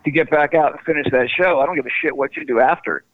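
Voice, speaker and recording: A man's voice: fairly high pitch, quick pace, no room sound. A man guest on an interview, telling road stories animatedly and acting out quoted dialogue over a phone call. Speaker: guest, former tour manager. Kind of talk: storytelling interview. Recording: tinny phone line, dry.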